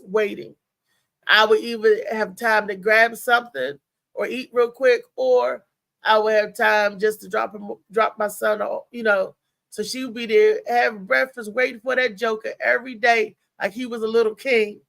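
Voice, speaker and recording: A woman from Maryland hosts a live show and tells a long personal story. Her voice has a gravelly edge and a bright, forceful tone. The sound is dry and close, with no room around it. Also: medium pitch, no room sound. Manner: animated, chatty, talks to listeners as "y'all". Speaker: show host.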